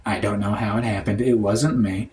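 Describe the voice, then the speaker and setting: A man telling a comic story in a rambling, deadpan way, full of "like" and "um". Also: lowish voice, moderate pace, a little hiss or hum. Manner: rambling, heavy on "like" and "um". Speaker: storytime comedian. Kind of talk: comedic storytime monologue.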